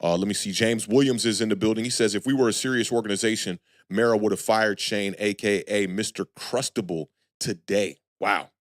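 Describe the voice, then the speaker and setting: Low-voiced man hosting a sports livestream. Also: fairly even intonation, fairly quick, dry recording, clean studio sound. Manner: conversational, loose and frank, shouts out viewers. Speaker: sports channel host. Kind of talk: live-stream sports talk reading chat.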